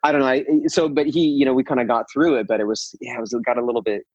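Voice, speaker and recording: A man's voice: mid-range voice, racing, darkish tone, no echo, dull audio. A man in his forties with a Californian American accent, a guest musician rambling through a casual interview with many restarts. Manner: rambling, many restarts and fillers, laughs often.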